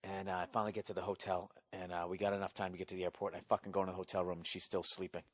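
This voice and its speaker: A man's voice: low voice, level tone, rapid-fire. A man hosting a podcast, telling a story in a casual, rambling, profane way, with a Boston accent and a self-mocking edge. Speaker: podcast host.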